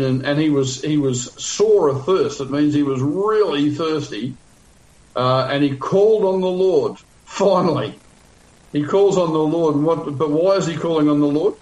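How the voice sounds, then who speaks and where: A man's voice: a little high, moderate pace, darkish tone, reverberant, muffled recording. A male pastor teaching a Bible passage in a sermon, conversational with frequent fillers, restarts and wry asides.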